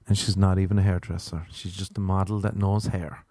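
A man hosts his podcast alone, drifting through profane, self-mocking rants in a casual monologue. His voice sits on the low side and sounds mellow. The sound is dry and close to the mic. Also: level tone, a little fast, no echo. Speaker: podcast host. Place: Los Angeles.

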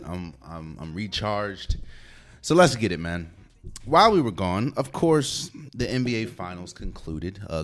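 A man hosting a solo sports podcast, talking casually and stopping to repeat words as he restarts. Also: sits low. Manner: animated, repeats words when restarting, laughs often. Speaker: podcast host. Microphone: podcast mic.

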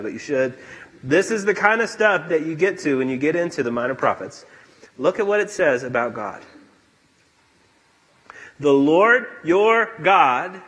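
A male pastor preaching a sermon in a church, emphatic and animated, acting out quotes. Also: high-pitched, husky, poor audio.

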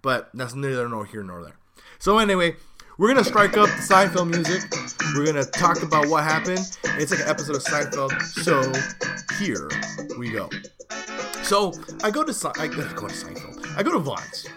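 Over loud music, a man hosting a show tells a story at a moderate pace, his fairly high voice very animated. The casual monologue wanders, with restarts and asides along the way.

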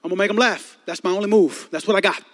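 A man's voice: high voice, very fast, in a large hall. A young man from the Chicago area telling a personal story to a youth audience as a sermon, acting out voices and often repeating words. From Chicago area, United States. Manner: animated, acts out voices in his stories, stammers and repeats words.

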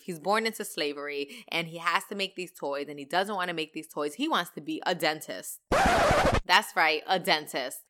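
A woman with a bright, crisp voice hosts her own podcast, talking in a loose, casual rant. She rushes along, full of slang and cheerful swearing, her words clear and sharp. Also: fairly low pitch. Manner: animated, slangy and profane, talks fast. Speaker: podcast host.

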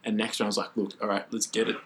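A man's voice: lowish voice, racing, rough recording. A young man, a triple jumper, telling a story casually in an interview, saying "like" constantly. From Australia. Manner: animated, says "like" constantly.

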